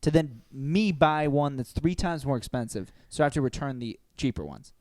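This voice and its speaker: A man's voice: mid-range voice, animated, normal speed, darkish tone, no echo, clean studio sound. A young man co-hosting a comedy podcast, ranting a story with lots of swearing and laughter. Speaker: podcast co-host. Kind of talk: casual comedy podcast chat.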